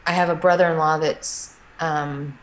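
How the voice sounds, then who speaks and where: A woman's voice: low voice, steady tone, slight background noise, rough recording. Emotional woman telling a personal story. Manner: halting, emotional, many restarts. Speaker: interview guest.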